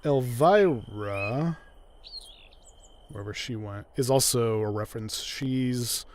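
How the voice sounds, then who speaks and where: A man's voice: medium pitch, takes it slowly, slight background noise. A man casually commenting while he plays a video game, chatty and joking. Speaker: gameplay commentator.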